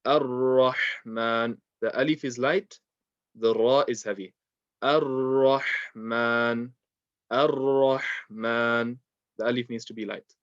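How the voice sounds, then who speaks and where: A man's voice: medium pitch, a little fast, a little mellow, dry recording, lo-fi sound. A man teaching a beginners' Quran recitation lesson, explaining step by step with a patient, filler-laden manner. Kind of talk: online lesson.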